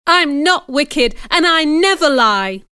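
A woman reading an audiobook, voicing a furious, defiant young orphan girl in loud, indignant outbursts. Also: sits high, animated, slow, no room sound, clean studio sound, voice pushed up, exaggerated voice.

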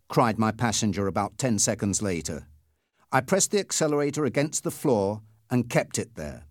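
A man's voice: moderate pace, no echo, studio quality. A man narrating a story aloud in the first person. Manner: lively storytelling with wide pitch swings. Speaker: audiobook narrator.

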